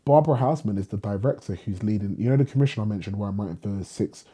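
This English writer, a podcast guest, races through a casual story in a husky voice on the low side. He tells it with lots of energy, acting out the dialogue and swearing freely.

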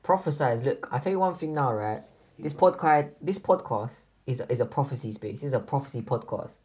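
A man's voice: medium pitch, expressive, brisk, darkish tone, breathy edge. A podcast host, hyping his guest up in playful slangy chat.

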